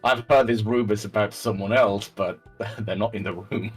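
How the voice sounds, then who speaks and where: A man voicing a haughty English gentleman gunslinger in a murder mystery role-play, defensive and stammering. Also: on the low side, steady tone, normal speed, slightly rough, faint music behind. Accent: put-on English.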